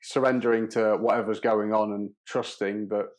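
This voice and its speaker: Earnest man with a lowish voice. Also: flat delivery, moderate pace. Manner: earnest, philosophical, with repeated words. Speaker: podcast guest. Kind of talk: casual conversation.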